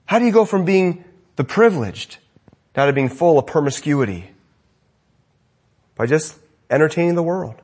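A man preaching a sermon as pastor, swinging between loud emphatic lines and quiet asides. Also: a little high, expressive, moderate pace, long pauses.

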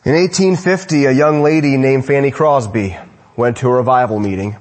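A man gives an evening sermon at a moderate pace, swelling into emphatic lines and then sinking to hushed, low endings. He repeats phrases to drive his points home.

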